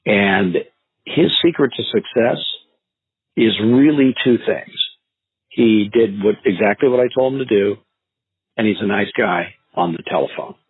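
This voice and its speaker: A man who coaches real estate sales, telling stories and advice in a podcast interview, acting out calls in an animated way. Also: on the low side, measured pace, breathy edge, dry recording. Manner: animated storyteller, acts out phone calls. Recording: tinny phone-line sound.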